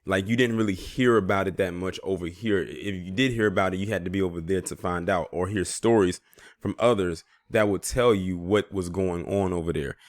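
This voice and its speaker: A man hosting his own channel, casually explaining a clip to his viewers in a relaxed, conversational way. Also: deep voice, brisk, dry recording. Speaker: vlogger commentator. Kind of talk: casual commentary.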